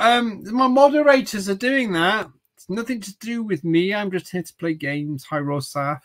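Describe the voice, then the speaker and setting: This is casual livestream chat from a middle-aged retro-game streamer whose voice sits high and moves at a normal speed. The low-quality recording captures him rambling, joking, and stumbling over restarts.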